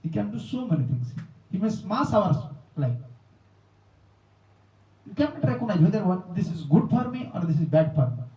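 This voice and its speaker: A man giving a spiritual talk, telling a story in simple non-native English with lively animation. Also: high voice, moderate pace, pauses often. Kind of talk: sermon with storytelling. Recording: roomy, distant, dull lo-fi.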